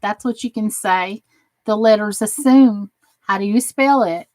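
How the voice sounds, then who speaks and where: A woman's voice: medium pitch, unhurried, a little mellow, no room sound. A woman with a Southern US accent hosting a crafting channel, chatting casually with viewers, sarcastic and teasing at times and earnestly encouraging at others.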